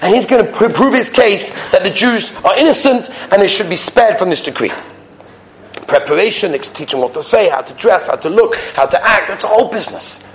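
A man giving a weekly Torah lecture, an animated storyteller who acts out the dialogue and swings between loud exclamations and soft asides. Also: high voice, a little fast, a little hiss or hum, low-quality recording. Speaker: Torah teacher.

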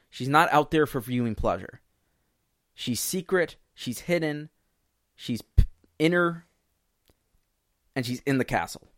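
A man co-hosting a religious discussion podcast, explaining points in a lively way and acting out quoted speakers. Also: a little high, no room sound, clean studio sound. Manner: animated, explains with quoted voices. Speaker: podcast co-host.

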